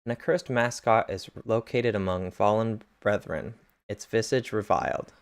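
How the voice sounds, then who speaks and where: A man narrating a webcomic reads its dramatic recap captions aloud casually, stumbling over words from time to time. His voice is lowish and his pace moderate.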